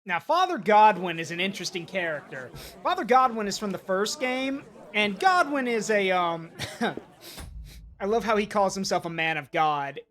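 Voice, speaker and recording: A man's voice: sits high, animated, moderate pace, a bit bright. A man streaming a game, rambling casually with laughs and swearing. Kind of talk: casual gameplay commentary.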